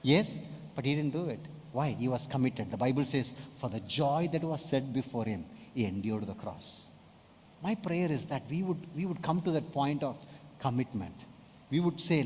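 A male pastor preaching a sermon emphatically, often putting questions to the congregation. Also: medium pitch. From India. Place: church hall. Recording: long hall reverb.

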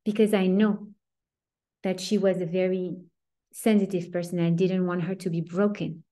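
A woman's voice: on the low side, little pitch movement, normal speed, dark tone, close to an everyday voice. A woman voicing the biblical matriarch Rachel, who pleads with God in a heartfelt first-person confession. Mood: pleading.

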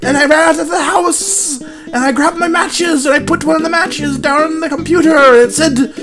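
A woman's voice: high-pitched, steady tone, moderate pace, pitched above the performer's own voice, close to an everyday voice. A woman doing a pompous old-timey spook host. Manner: pompous, theatrical, with blustery outbursts. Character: pompous, bumbling old-timey male horror storyteller. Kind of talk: parody horror story narration. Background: plucked guitar music.

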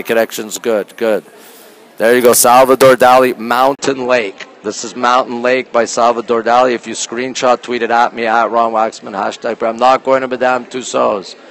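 This is casual live-stream talk from a Canadian man touring an indoor art museum with a phone in his hand as he walks. Chatty and often hushed, he says hello to viewers by name in turn, his voice pitched in the middle, captured in a rough recording.

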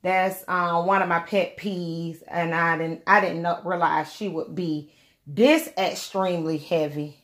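A woman's voice: lowish voice, steady tone, unhurried, fairly bright tone. A woman chatting casually to her viewers while unboxing a doll at home. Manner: chatty, addresses viewers as y'all. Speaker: doll collector vlogger. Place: indoors at home, by a window.

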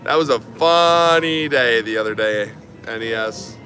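A man's voice: mid-range voice, measured pace, pushed and bright. A man live-streaming slot machine play from a casino, chatting and reading viewer comments aloud. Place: casino floor. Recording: casino music behind. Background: slot machine music.

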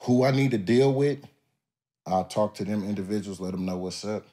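A man's voice: fairly low pitch, moderate pace, dark tone. A man as a podcast guest telling stories in a laid-back, drawling, profane way, often acting out what others said. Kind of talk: casual interview storytelling.

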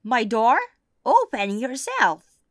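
A woman voicing a menacing old witch who threatens to eat a child, loud and commanding. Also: a little high, big pitch swings, slow, no echo, clean studio sound, voice pushed up.

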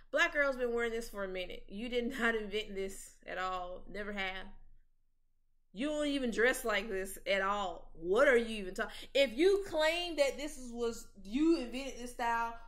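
Young woman ranting on her podcast, slangy, keeps restarting, kinda high voice. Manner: outspoken, animated, stammers and restarts, slangy. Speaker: podcast host. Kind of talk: casual commentary chat.

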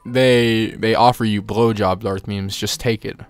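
A man casually commenting on his own gameplay, swearing often and yelling when frustrated. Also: lowish voice, steady tone, a little slow, soft background music. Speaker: streamer playing a team shooter.

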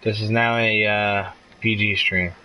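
A man's voice: on the low side, flat delivery, measured pace, bright, forceful tone, slight background noise, low-quality recording. A young man live streaming a video game, chatting casually and swearing as he gets frustrated. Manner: frustrated, swearing, laughing outbursts. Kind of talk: casual gameplay commentary.

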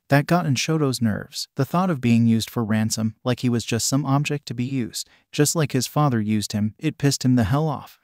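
A man narrating a fan fiction story in an even, steady reading. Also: mid-range voice, fairly quick, few pauses, no room sound, clean studio sound.

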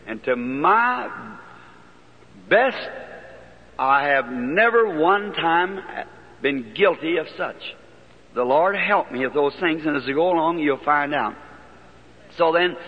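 High, husky preacher in a hall. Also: male voice, lively intonation, slow pace, pauses often. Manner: folksy, earnest, vivid storytelling. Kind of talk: sermon testimony storytelling. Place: large auditorium. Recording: dull archival 1950s sermon recording in a long-echo hall.

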